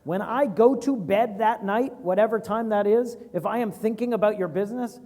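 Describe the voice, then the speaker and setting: An animated man in his forties talks casually about investing and acts out little quoted exchanges. His voice sits high, and it rings in a big echoey hall. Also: normal speed. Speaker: venture capitalist guest. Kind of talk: animated fireside chat.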